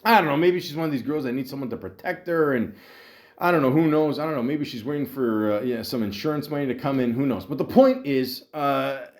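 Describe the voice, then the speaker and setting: A male podcast host rants through a story in a loose, rambling way. He swears constantly, restarts his sentences and puts on brief mocking voices. His pitch sits in the middle for a man. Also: expressive, fast talker. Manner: profane, rambling with frequent restarts and mocking impressions. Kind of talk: ranting storytelling.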